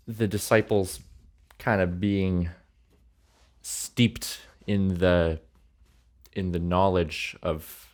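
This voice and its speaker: A man with a somewhat low voice co-hosts a faith podcast. He explains a passage in a casual, hesitant way, leaning on fillers like "you know" and "like.". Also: fairly even intonation, drawn-out words, long pauses, a little mellow. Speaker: podcast co-host. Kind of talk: casual faith discussion and scripture reading.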